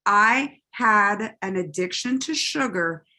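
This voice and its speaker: Sassy animated woman. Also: medium pitch, slow pace. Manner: sassy, animated, self-mocking. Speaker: guest sharing testimony. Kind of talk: lively call testimony.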